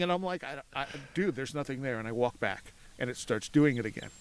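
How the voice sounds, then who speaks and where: A man telling a story as a podcast guest outdoors at a cemetery, animated, acting out voices in his anecdotes and laughing often. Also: mid-range voice, fairly quick, clean tone. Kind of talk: casual storytelling.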